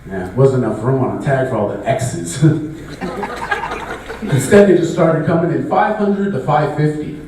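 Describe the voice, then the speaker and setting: Speaking from a distance, this Bay Area comedian has a voice on the high side, expressive and unhurried, as he chats loosely with the audience during a stand-up show. Sound comes from afar in a big, heavily echoing room, with a little background noise.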